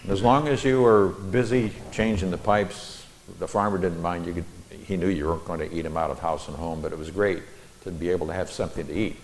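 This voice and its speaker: A middle-aged man preaching an expository Bible lesson in a deliberate, explanatory way, with folksy personal asides. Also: low-pitched, steady tone, slight background noise.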